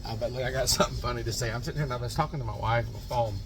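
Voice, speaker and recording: A man's voice: medium pitch, rapid-fire, music in the background. A man from Alabama with a Southern accent, a truck driver chatting casually in his cab and laughing often as he tells stories. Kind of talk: casual vlog chat. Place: inside a truck cab on the road. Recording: noisy road and engine background.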